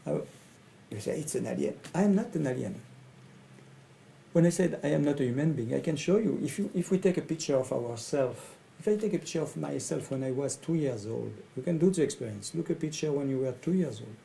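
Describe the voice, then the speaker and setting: French-accented man, gravelly and halting. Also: a little high, expressive, dark tone, a little hiss or hum, poor audio. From France. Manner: slow, halting, repeats phrases. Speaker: coach and facilitator. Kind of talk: speaking to camera about his training.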